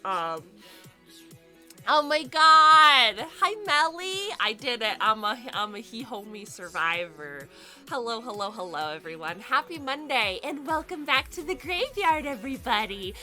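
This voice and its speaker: Bright-voiced breathless woman streamer. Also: medium pitch, normal speed, soft background music. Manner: bubbly, chatty, excitable greetings. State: stuffy nose. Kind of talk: casual live-stream chat.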